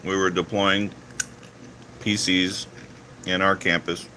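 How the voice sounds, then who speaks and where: A man's voice: slow, slight background noise. A man vlogging casually, telling a story from his week and acting out the other people's lines. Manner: animated, acts out quoted dialogue with rising pitch.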